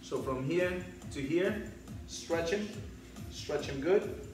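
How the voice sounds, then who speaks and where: A spin instructor with a highish, expressive voice takes it slowly as he shouts counts and pep calls over loud workout music, a little out of breath. The rough recording is very echoey and picked up from afar.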